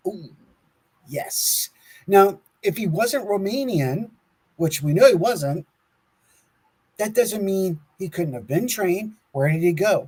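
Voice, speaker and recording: Husky guy on a chill podcast, laughs a lot, kinda stumbles reading his notes out loud. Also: on the high side, low-quality recording. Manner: laughs often, stumbles over words while reading aloud. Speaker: podcast co-host. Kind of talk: casual conspiracy podcast talk, reading from notes.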